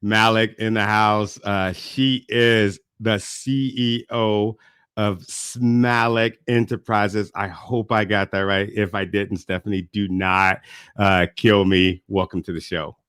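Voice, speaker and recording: Deep-voiced upbeat male podcast host. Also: slow pace, smooth, no echo. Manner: upbeat, excitable, says "super stoked". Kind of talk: casual podcast interview.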